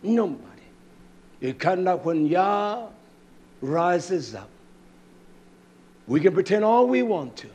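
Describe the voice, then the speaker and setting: A man preaching a fiery sermon, fervent and emphatic, drawing out words and breaking into shouts. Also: high voice, sing-song, slow pace, pauses often, husky.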